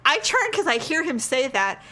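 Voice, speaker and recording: A woman with a high, very lively voice tells a story on a casual podcast. She jumps into the voices of the people in her story. Her tone is bright and sharp. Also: moderate pace, a little hiss or hum. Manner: animated, acts out voices in her stories. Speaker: podcast co-host.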